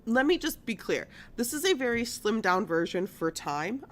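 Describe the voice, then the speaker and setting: A woman's voice: a little high, normal speed. A woman hosting a live-streamed news show, talking casually and animatedly with lots of fillers and laughs. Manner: chatty and animated, full of likes and laughs.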